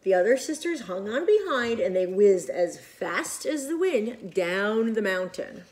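A woman reading a picture book aloud to children in an expressive, animated way with whispered asides. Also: mid-range voice, unhurried. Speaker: children's storyteller.

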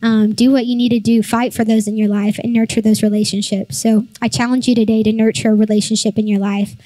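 High-voiced woman pastor preaching. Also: fast, no echo, poor audio. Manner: animated storytelling, acts out family voices. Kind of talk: sermon with personal story.

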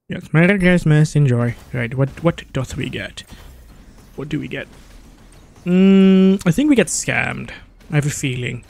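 An excitable man talks through his own gameplay, voice sitting a little high for a man. He keeps talking to himself, restarting sentences and breaking into sudden gasps. Faint noise hums behind him. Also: vocal fry. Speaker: gaming YouTuber. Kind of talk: casual gameplay commentary.

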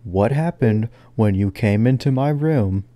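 A man calming and reassuring his brother, firm and insistent. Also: fairly low pitch, unhurried, dry recording. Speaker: brother of the streamer.

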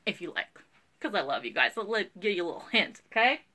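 Bubbly, bright-voiced woman hosting a live sale. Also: mid-range voice, big pitch swings, fast talker. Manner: chatty, bubbly, greets viewers by name. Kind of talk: casual live-stream sales chat.

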